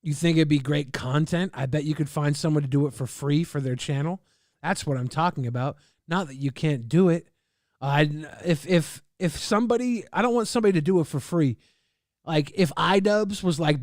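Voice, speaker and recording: A man streaming casually, reading and answering chat in a loud, profane, combative rant. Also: fairly high pitch, normal speed, dry recording, studio quality.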